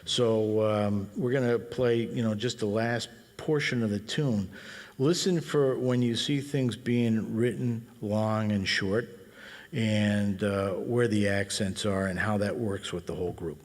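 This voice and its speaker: A middle-aged man leading a band and explaining jazz phrasing in a relaxed, talky way, scatting rhythms aloud. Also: lowish voice, unhurried, long reverb tail. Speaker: bandleader and guitar teacher. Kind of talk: explaining music in a clinic.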